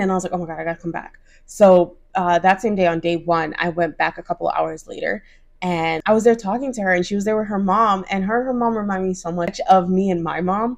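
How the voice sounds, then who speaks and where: Chatty young woman, slightly low voice. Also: fairly even intonation, a little fast. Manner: chatty and gushing, lots of "like" and "oh my gosh"; bright put-on voices when quoting others. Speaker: crochet vlogger. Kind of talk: casual vlog chat.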